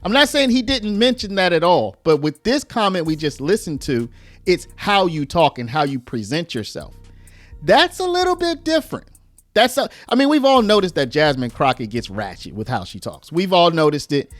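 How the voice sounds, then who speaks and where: A man with a fairly high, very animated voice hosts a casual commentary video. He talks straight to viewers, sometimes slipping into "y'all." The sound is close and dry, with faint music underneath. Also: no echo. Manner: lively, conversational, uses "y'all", acts out quotes in raised voice.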